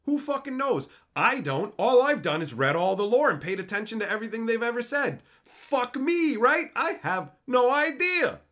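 A man streaming live, reading chat questions and ranting in a loud, profane, laughing way. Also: very high-pitched, moderate pace, hardly any pauses. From Canada. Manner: loud, animated, frequent swearing and laughing.

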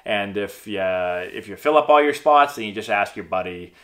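A man's voice: on the low side, expressive, normal speed, a bit bright. A man in his thirties, a former pro ballplayer and coach, talking casually to his viewers in a rambling way, with lots of fillers and restarts. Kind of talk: casual vlog talk to camera.

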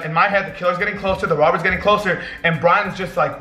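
A young man with a high, bright voice tells a story in an excitable rush, swearing freely and acting out his own frantic shouts. His voice bounces around an echoey room. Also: fast talker. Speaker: vlogger. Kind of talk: animated storytelling.

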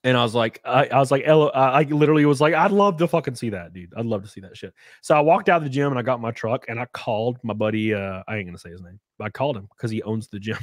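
A man chatting casually on a podcast, swearing often and winding through his story with lots of fillers and restarts. His voice sits at an ordinary middle pitch. It is recorded dry and close, with no room sound. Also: quick pace, hardly any pauses, dry recording. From US South. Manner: profane, rambling storytelling with frequent fillers. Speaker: podcast host. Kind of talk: casual chat.

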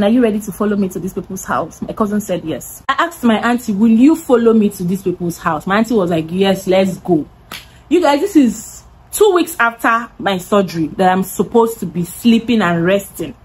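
A young woman telling a lively storytime vlog, acting out the voices of the people in it. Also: medium pitch, normal speed, breathy edge, rough recording. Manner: animated, acts out quoted voices. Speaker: content creator.

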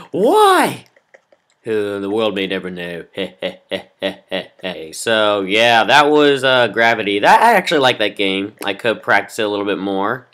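Melodramatic raging gamer with a gravelly voice. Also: mid-range voice. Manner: melodramatic, yells and groans at failures. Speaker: Minecraft gameplay commentator. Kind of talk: raging let's-play commentary.

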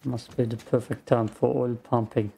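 A man giving calm, slow gameplay commentary, thinking out loud, with a gravelly morning voice. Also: medium pitch. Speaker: game streamer.

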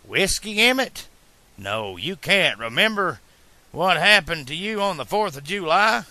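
A man's voice: a little high, expressive, measured pace, pushed and bright, no room sound, pitched above the performer's own voice, full character voice. A man reading an audiobook, voicing a cheerful but worried small-town bartender in a raised voice. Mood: cheerful concern. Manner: raised, friendly, concerned.

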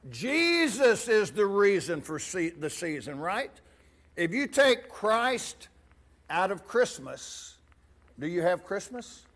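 A man's voice: high voice, sing-song, takes it slowly, a bit bright. A man serving as pastor gives a playful children's sermon in a church. He asks the kids many questions and reads a storybook aloud. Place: church sanctuary.

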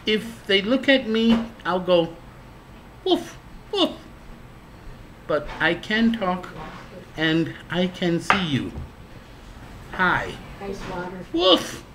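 A man's voice: sits high, sing-song, takes it slowly, pauses often, a little hiss or hum, heavily acted, poor audio. A man voicing a playful talking dog who whispers secrets and barks. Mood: secretive. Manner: hushed conspiratorial, then barking.

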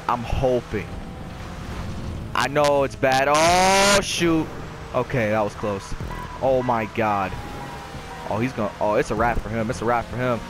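A young man giving casual commentary while playing a racing game, yelling when hyped and muttering when losing. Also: mid-range voice, rough recording. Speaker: gaming YouTuber. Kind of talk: live gameplay commentary. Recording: game audio noise behind voice.

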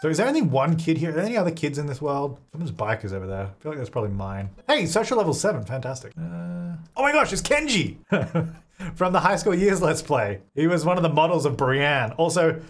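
A man's voice: on the high side, sing-song, a little fast. A young man hosting a life-sim let's play, chatty and laughing often as he plays. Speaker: gaming channel host.

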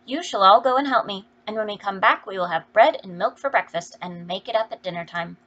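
A woman reading the lines of a gentle, caring mother of four daughters, with a warm and earnest appeal. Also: medium pitch, a little fast, close to an everyday voice. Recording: dull lo-fi recording.

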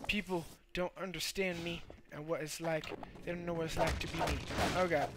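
A young man giving loud, goofy commentary while playing a video game, with sudden shouted outbursts. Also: fairly high pitch, moderate pace, long pauses, heavy background noise. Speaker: let's play gamer. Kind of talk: energetic gameplay commentary.

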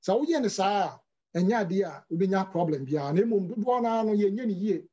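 A man's voice: sits high, lively intonation, quick pace, dark tone, slightly rough, highs cut off. A man answering health and diet questions from callers in an instructive, explanatory way, now and then restarting words. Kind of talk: explanatory talk with English terms.

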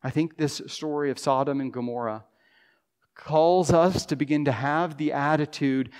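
A male pastor preaches with mounting intensity, voicing pleading prayers. His voice sits a little higher than most men's. He speaks from the pulpit of a church sanctuary. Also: moderate pace, a little mellow, clean tone. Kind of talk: sermon.

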